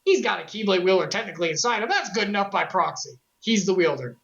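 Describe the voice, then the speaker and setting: A woman's voice: medium pitch, lively intonation, fast, gravelly, highs cut off. A woman voicing a sassy defiant talking Keyblade. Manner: brash, mocking and emphatic.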